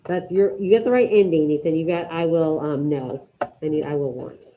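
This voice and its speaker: A woman leads an online Spanish class, briskly encouraging her students and calling them by name as she goes over their answers. Her voice sits low, and the audio sounds dull.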